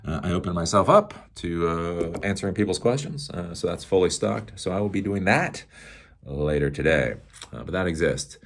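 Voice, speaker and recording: Animated sarcastic man hosting tech commentary. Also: low voice, brisk. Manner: sarcastic, animated, laughs at his own jokes. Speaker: host of a tech commentary show. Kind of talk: casual rambling commentary.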